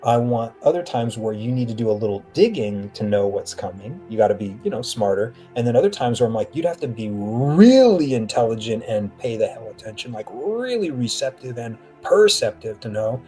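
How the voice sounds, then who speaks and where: A man talking as a guest on an interview podcast, an animated storyteller who slips into acted-out quotes. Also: medium pitch, fairly quick, hardly any pauses, faint music behind. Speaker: author and actor, podcast guest. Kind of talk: casual interview talk.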